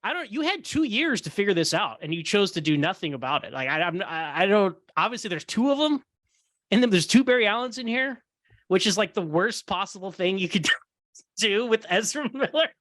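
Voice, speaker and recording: A man with a high voice hosts a casual roundtable podcast, getting heated and animated as he talks. He mimics other people's voices, and the sound is dry and close to the mic. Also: a little fast, no echo. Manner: acts out quoted voices. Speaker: podcast host.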